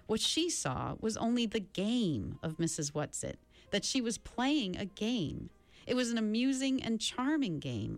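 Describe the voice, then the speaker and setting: A woman reading a novel aloud slowly and expressively. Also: mid-range voice, no echo. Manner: slow, expressive storybook reading. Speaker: reader.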